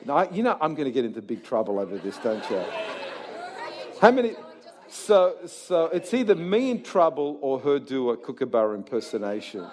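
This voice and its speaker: A man preaching a sermon to a live congregation, swinging from quiet talk to shouted exhortation and firing rhetorical questions at the crowd. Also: on the high side. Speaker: pastor. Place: church service before a live congregation.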